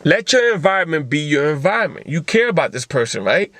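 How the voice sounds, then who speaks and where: A man's voice: a little high, big pitch swings, brisk, fairly bright tone. Blunt, profane motivational man. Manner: blunt, profane, lecturing the listener; rhetorical questions to the audience. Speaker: motivational show host. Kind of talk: casual motivational talk.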